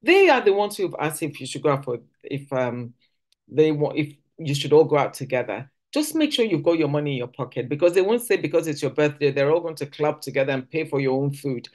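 A woman's voice: deep voice, animated, fairly quick, darkish tone. A woman from Nigeria, giving a conversational teaching talk at a church service, often restarting sentences and acting out quoted speech. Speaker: church speaker.

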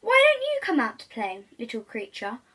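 A sly storybook wolf that sweet-talks and coaxes, persistent and hungry, put on by a woman reading aloud. The voice swoops high then drops, slightly breathy. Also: wildly swooping pitch, moderate pace, pushed and bright, heavily acted. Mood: coaxing. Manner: wheedling, sweet-talking.

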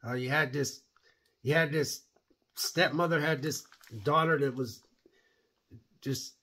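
A man's voice: fairly high pitch, fairly even intonation, slow pace, pushed and bright, slightly rough. A man giving a rambling, blunt, opinionated spoken review of a TV series. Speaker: show reviewer.

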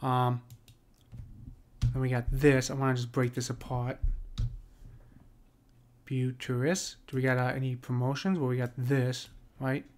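A man teaching a casual lesson on poetic meter, talking conversationally, often checking in with his listeners and slowing down to read verse aloud. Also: mid-range voice, little pitch movement.

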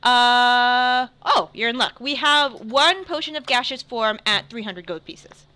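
A courteous female potion seller, played by a woman running a tabletop game, her voice bright and a touch high. She gives friendly sales patter, pausing with little ums as she checks her stock. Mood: helpful. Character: polite female potion shopkeeper. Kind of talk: tabletop game role-play.

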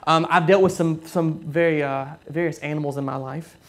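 A man preaching a sermon, telling a story with frequent halting restarts and repeated words. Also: fairly high pitch, fairly even intonation. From southern United States.

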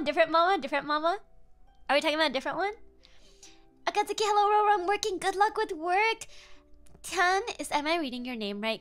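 Bubbly high-voiced young woman streamer. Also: fairly bright tone. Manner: bubbly, giggly, greets chatters by name. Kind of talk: casual live-stream chat.

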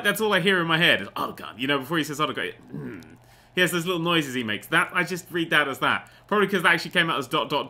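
A man's voice: on the high side, pushed and bright. A man hosting a let's play, giving rambling, sarcastic gaming commentary that keeps going off on tangents and casually swears. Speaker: host of a gaming channel.

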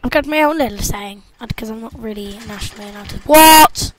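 A woman's voice: medium pitch, fast. A woman playing a horror game, goofy and jumpy, muttering and whispering to herself and shrieking at the scares. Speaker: gamer. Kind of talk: horror let's-play commentary.

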